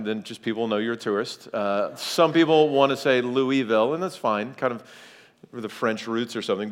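A man's voice: mid-range voice, a bit bright. A man in his forties from Kentucky, a guest preacher giving a sermon with friendly, joking asides to the congregation. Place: large church hall. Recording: long church hall reverb.

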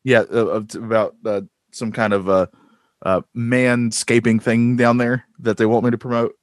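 With a medium-pitched voice and flat delivery, a podcast co-host speaks at a moderate pace in casual chat. He rambles, using many fillers and restarts, and the clean studio sound has no room tone.

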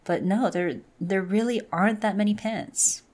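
A woman's voice: mid-range voice, moderate pace, a little mellow. A woman co-hosting a podcast in casual chat, chatty and often trailing off. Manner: chatty, laughs between remarks, trails off. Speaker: podcast co-host.

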